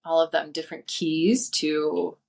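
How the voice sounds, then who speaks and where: A woman speaking softly and slowly as a guest in a casual podcast chat. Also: sits low, flat delivery, gravelly.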